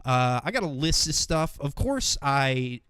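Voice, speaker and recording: A man's voice: mid-range voice, very animated, unhurried, a bit bright, clean tone, dry recording. An American man hosting his own show in a loose, profane, casual monologue full of fillers. He sounds like a young adult. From United States. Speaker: podcast host.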